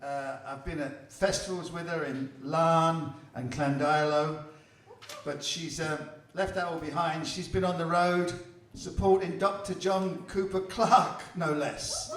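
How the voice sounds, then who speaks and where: A man hosting a poetry event, introducing the next performer in a relaxed, chatty way. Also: a little high. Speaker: event host. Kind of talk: stage introduction. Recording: echoey room, distant mic, faint crowd.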